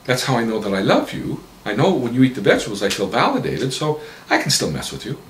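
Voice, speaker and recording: A man's voice: mid-range voice, huge pitch swings, fast talker, a little hiss or hum. A man voicing a clinging older mother who pleads with her grown son, in a roomy-sounding recording. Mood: wheedling. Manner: pleading, wheedling.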